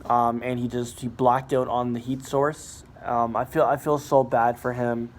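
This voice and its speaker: Sick and rambling, this young man talks to the camera in a casual vlog, stumbling over fillers and restarts as illness colors his voice. He speaks in a mid-range voice with little pitch movement and a measured pace, moving between a hospital ward and a car at night.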